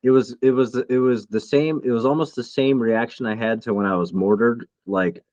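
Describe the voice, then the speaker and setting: A man co-hosting a podcast, a military veteran speaking in a reflective, halting way in casual chat. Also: medium pitch, steady tone, a little mellow, no room sound, dull audio.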